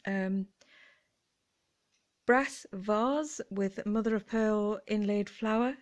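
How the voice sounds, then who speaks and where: A woman's voice: medium pitch, takes it slowly. A woman with a British accent talks casually to her viewers in a mid-range voice. She rambles cheerfully, giggles often and lets her sentences drift off unfinished. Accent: British English. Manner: chatty, giggly, rambling, trails off mid-thought. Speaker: vlogger. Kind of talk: casual chat.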